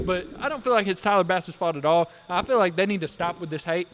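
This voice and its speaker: A man's voice: high-pitched, quick pace, hardly any pauses, fairly bright tone, slight background noise. A man co-hosting a casual sports podcast, ranting passionately with lots of slang and laughs. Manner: fired-up, ranting, says bro a lot. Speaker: podcast co-host.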